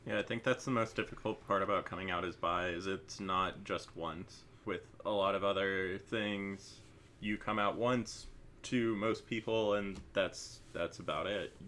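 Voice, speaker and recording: A man's voice: low-pitched, fairly even intonation, measured pace, fairly bright tone, a little hiss or hum. A man co-hosting a podcast, speaking in an earnest, agreeing, conversational way.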